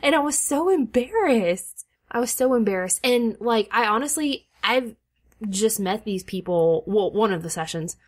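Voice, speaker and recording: A woman's voice: mid-range voice, animated, normal speed. A tired woman co-hosting a casual podcast chat late at night, laughing often and poking fun at herself. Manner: chatty, laughs often, self-deprecating. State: easily out of breath. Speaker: podcast co-host.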